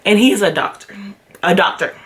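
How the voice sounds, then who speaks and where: A young woman vlogger telling a personal story to camera, chatty and animated, often acting out what others said. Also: fairly low pitch, normal speed. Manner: chatty with frequent fillers. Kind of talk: storytime vlog.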